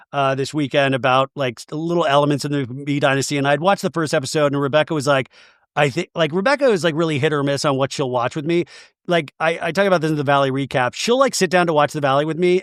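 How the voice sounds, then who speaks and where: Dude rambling about reality tv, says like a lot, kinda high voice, dead dry mic. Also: male voice, smooth, no room sound. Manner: rambling, animated retelling with lots of "like". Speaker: podcast host. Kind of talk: casual chat about reality TV.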